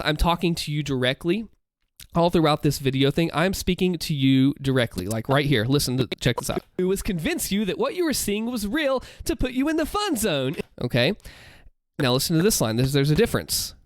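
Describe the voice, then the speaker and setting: A man's voice: on the high side, no echo, clean studio sound. A man explaining how he built a villain voice, talking animatedly and demonstrating as he goes, holding his volume down because it is late at night. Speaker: content creator explaining his voice work. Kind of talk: voice acting breakdown.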